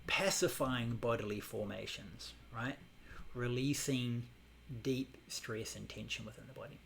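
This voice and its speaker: A man teaching a Buddhist meditation class, explaining in a relaxed way with many fillers. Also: medium pitch, a little slow, creaky, slight background noise.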